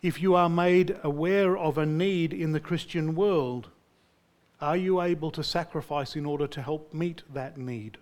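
A man's voice: a little high, fairly even intonation, measured pace, a little mellow. A male pastor preaching a sermon, putting direct rhetorical questions to his listeners.

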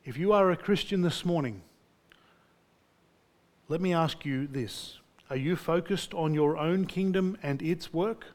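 A male pastor preaching a sermon with a slightly higher-pitched voice. He leans on direct rhetorical questions aimed at his listeners. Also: a little slow, long pauses.

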